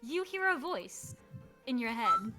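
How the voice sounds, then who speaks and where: A woman's voice: high-pitched, big pitch swings, takes it slowly, bright, forceful tone. A woman game master narrating a tabletop game in a chatty way, laughing often and stopping for fillers. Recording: distant mic, faint music behind.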